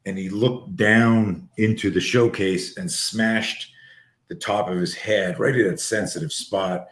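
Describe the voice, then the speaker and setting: Animated swearing male podcast host, roomy. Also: fairly low pitch, a little slow. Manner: animated, swears freely, acts out quotes. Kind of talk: storytelling in casual chat. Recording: roomy echo.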